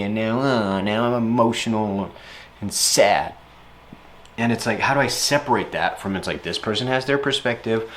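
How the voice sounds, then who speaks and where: A man answering an interview question in a rambling, reflective monologue, who gets animated when he quotes himself. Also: lowish voice, slight background noise.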